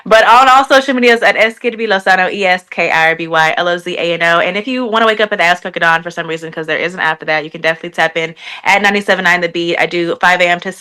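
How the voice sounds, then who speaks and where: A woman's voice: on the low side, rapid-fire, hardly any pauses, pushed and bright, clear, resonant tone. A woman from Texas, a guest on a casual podcast, talking in a teasing, playful way with a lot of laughter. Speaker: podcast guest and radio host.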